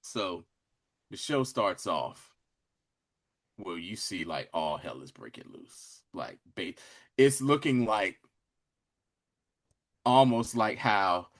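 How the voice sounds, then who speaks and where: This young man, a podcast co-host, has a medium-pitched, fairly bright voice. In casual chat he recaps a show, animatedly retelling its scenes with slang and acting out quotes.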